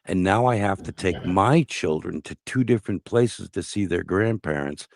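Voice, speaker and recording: Gravelly low-voiced man, blunt and profane. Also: animated, moderate pace, darkish tone, dry recording, clean studio sound. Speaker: guest telling his life story. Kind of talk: casual conversation.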